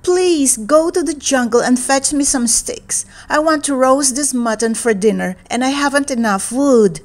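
A woman's voice: sits high, measured pace. A woman reading a children's story aloud and voicing an anxious mother who calls to her little boy with urgent pleas. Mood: asking kindly.

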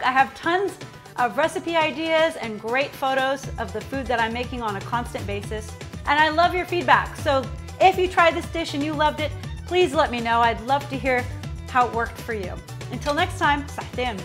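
A woman's voice: high-pitched, animated, normal speed, music in the background. A woman hosting a cooking show, chatting upbeat and directly to the viewer while she cooks at the stove. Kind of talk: cooking demonstration with chatty asides. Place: home kitchen at the stove.

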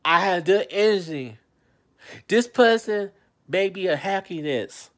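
A man's voice: high-pitched, animated, a little slow. A man from Charlotte, talking to his viewers in an emotional vlog, pleading and repeating himself. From Charlotte, North Carolina. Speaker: vlogger. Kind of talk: emotional direct-to-camera vlog. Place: his home city.

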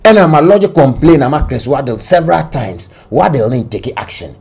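A man with a Ghanaian accent giving animated entertainment-news commentary, switching between Twi and English. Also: medium pitch, fairly quick, creaky, breathy edge. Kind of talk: gossip commentary.

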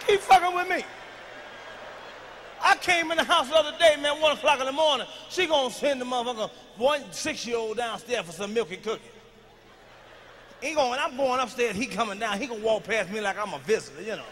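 High, bright-voiced ranting stand-up man. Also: lively intonation, fast talker, in a large hall, slight background noise. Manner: profane, loud ranting with shouted bursts. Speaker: stand-up comedian. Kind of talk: stand-up comedy routine.

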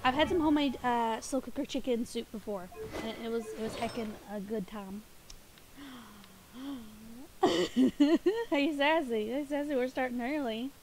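A woman's voice: a little high, darkish tone, a little hiss or hum. A woman live-streaming a game from home, chatting playfully and giggling, a little sniffly and groggy. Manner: playful and giggly, quick asides. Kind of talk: casual live-stream chat.

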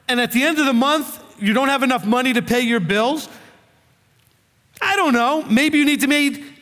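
A male rabbi gives a blunt, scolding sermon and keeps firing off rhetorical questions. His voice sits high. Each phrase rings out with a long hall reverb. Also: sharp tone.

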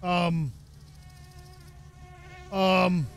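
A man's voice: high voice, steady tone, drawn-out words, slight background noise. A young man casually narrating his own gameplay, talking to himself and swearing when frustrated. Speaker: gaming YouTuber. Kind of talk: casual let's-play commentary.

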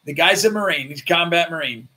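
A man with a slightly high, husky voice speaks quickly. He is a pastor whose sermon is built on storytelling, and he animatedly acts out the voices of the characters.

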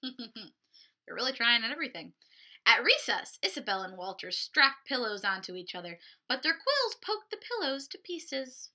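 A woman, a children's librarian, leading a storytime, animated and encouraging as she talks to children. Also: a little high, normal speed. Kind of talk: storytime reading for kids.

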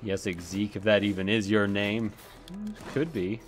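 A man's voice: on the low side, flat delivery, unhurried, faint music behind. A man giving casual, rambling commentary while playing a video game, swearing often and drifting into asides. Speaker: let's play gamer.

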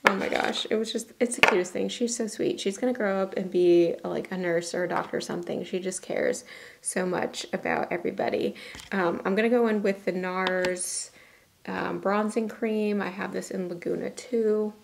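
A woman's voice: medium pitch, steady tone, moderate pace, gravelly. A young woman chatting casually through her makeup routine at home, giggly and full of "like". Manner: chatty, giggly, uses "y'all" and "like" often. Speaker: beauty vlogger. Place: home bathroom.

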